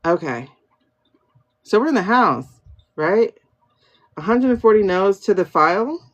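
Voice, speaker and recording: A woman's voice: medium pitch, lively intonation, a little slow, muffled recording. A woman hosting a livestream tarot reading, musing aloud and chatting with viewers by name. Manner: muses aloud, asks herself questions and answers them. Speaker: tarot and pendulum reader, livestream host. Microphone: phone livestream.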